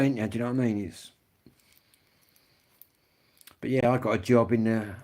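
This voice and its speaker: A man hosts a casual live stream and chats straight to his viewers. He rambles from one story to the next, swearing freely in a blokey, matter-of-fact way. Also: fairly low pitch.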